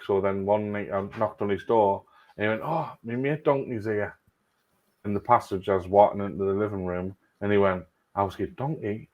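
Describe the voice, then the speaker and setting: A man with a North East English accent tells a casual anecdote on a video call, laughing at his own story. His voice sits a little low, and the audio comes through dull and lo-fi. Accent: North East England. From North East England.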